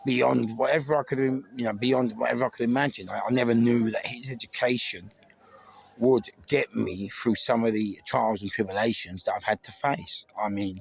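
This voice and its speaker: A man's voice: medium pitch, fairly even intonation, moderate pace, creaky, husky. A middle-aged man with a London accent, speaking an emotional, rambling tribute to camera with many restarts. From England. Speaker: vlogger. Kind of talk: casual tribute monologue.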